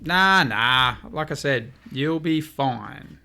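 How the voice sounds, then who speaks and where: A man's voice: medium pitch, lively intonation, slow, gravelly, sharp tone, exaggerated voice. A man voicing a laid-back local male surfer inside his own story, easygoing and teasing.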